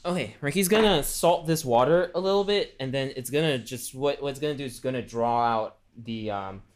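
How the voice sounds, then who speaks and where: Brief: mid-pitched male streamer, rambling chatter while cooking, speaks of himself in third person. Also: a little fast. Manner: chatty, rambling with many fillers. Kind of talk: casual cooking livestream chat.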